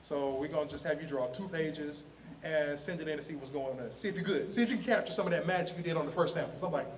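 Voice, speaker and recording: A man from Ohio, a comic artist telling his story in a lively, slangy way, laughing often and acting out the voices of the people in it. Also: a little high, fast talker, far from the mic, a little hiss or hum. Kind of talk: animated storytelling on a podcast.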